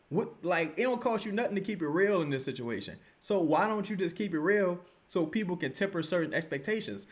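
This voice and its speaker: A young man from Louisiana, doing profane, animated live-stream basketball commentary and repeating "right?" to make his points. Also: high-pitched.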